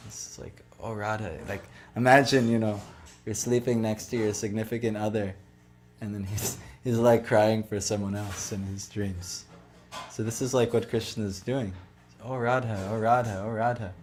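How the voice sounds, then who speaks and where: A man's voice: on the low side, fairly even intonation, normal speed, darkish tone. A man giving a devotional talk, retelling a sacred story in a loose, conversational way full of "like" and "you know". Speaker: devotional speaker.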